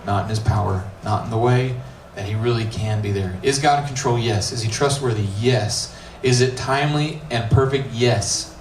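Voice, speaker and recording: A man preaching a youth sermon, a middle school pastor who retells the story in a lively, casual way and acts out the characters' lines. His voice sits at an average pitch and is heard from some distance in an echoey room. A faint ambience runs behind him. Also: normal speed, few pauses, slight background noise. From United States. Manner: animated storytelling, acting out dialogue with casual asides.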